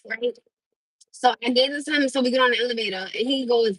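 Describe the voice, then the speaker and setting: Husky-voiced woman telling a story live. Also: sits high, a little fast, dry recording, poor audio. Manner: animated, laughs often, swears. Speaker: livestream host. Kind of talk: casual storytelling to viewers.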